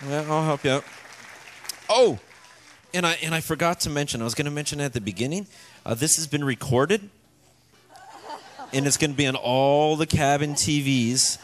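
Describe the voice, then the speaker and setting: A man with a slightly high voice emceeing a talent show on a cruise ship stage. He keeps up a joking, teasing showman patter, ribbing the contestants and setting up punchlines. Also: normal speed, long pauses, a little hiss or hum.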